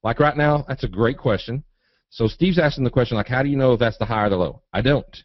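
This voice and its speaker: A man's voice: medium pitch, fast talker, no echo. A man from Eastern Kentucky with a Southern accent, teaching a live trading webinar in a folksy, joking way, reading out viewer questions and answering them. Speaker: trading educator. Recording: dry, muffled webinar audio.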